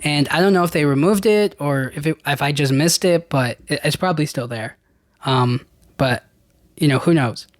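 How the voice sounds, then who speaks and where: A man's voice: fairly high pitch, normal speed, no echo. Rambling casual male podcast host. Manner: rambling, many restarts and fillers, casual slang. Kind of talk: casual solo podcast chat.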